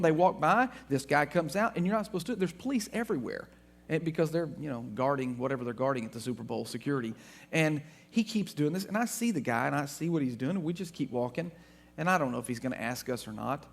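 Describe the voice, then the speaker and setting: Animated man telling stories to a crowd. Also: fairly high pitch. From Texas. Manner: animated anecdotes with laughter. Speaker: guest speaker. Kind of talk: storytelling talk to an audience.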